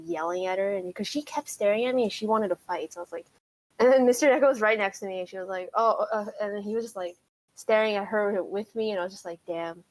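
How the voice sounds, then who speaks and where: A young New woman chatting on a casual podcast, blunt and frank in what she says. Her voice sits at an ordinary pitch. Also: a little mellow, poor audio. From New York. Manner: frank and blunt, telling stories with reactions. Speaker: podcast co-host. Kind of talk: casual chat.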